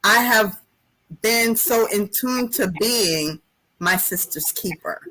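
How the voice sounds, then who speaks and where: A woman's voice: mid-range voice, takes it slowly, pushed and bright, poor audio. A woman hosting a podcast conversation, affirming and emotionally open, speaking reflectively. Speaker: podcast host. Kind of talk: casual chat.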